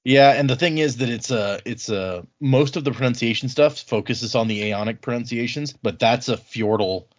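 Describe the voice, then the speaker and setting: A man hosting a book podcast, casually recapping the chapters and acting out characters' lines in quick asides. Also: mid-range voice, lo-fi sound. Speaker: podcast host. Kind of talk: casual book-club chat.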